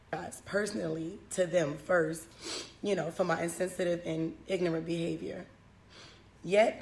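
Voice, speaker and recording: A woman comedian reading a scripted apology to camera, halting, with fillers. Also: fairly low pitch, gravelly, a little hiss or hum.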